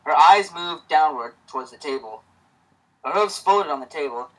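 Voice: medium pitch, expressive, moderate pace, rough recording. Stammering reader rambling outdoors. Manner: stammering, rambling, self-correcting. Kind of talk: reading a fan story aloud with chat. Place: outdoors in the cold.

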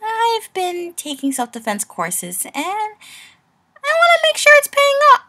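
A woman reading the lines of a gentle young female unicorn pony in a fan story, soft and hesitant. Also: extremely high pitch, wildly swooping pitch, a little slow, voice pushed up, heavily acted. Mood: eager.

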